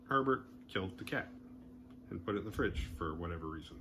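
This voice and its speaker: Podcast host, male, low voice, rambling casual recap with faint hiss behind. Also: sharp tone. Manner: loose, rambling retelling with quick voiced asides. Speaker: horror movie podcast host.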